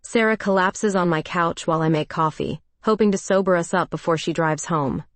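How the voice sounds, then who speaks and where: A woman narrating a first-person story in a reflective, even way. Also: lowish voice, moderate pace, dry recording.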